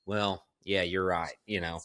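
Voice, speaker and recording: A man's voice: low voice, level tone, measured pace, a bit bright. A man hosting a podcast in casual conversation, emphatic and candid, calling his guest "dude". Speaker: podcast host.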